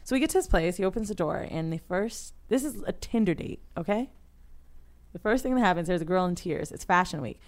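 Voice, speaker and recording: A woman on a podcast telling a long, embarrassing story in casual chat, animated and profane, often acting out the people she quotes. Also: fairly low pitch, brisk. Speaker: podcast co-host. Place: podcast studio.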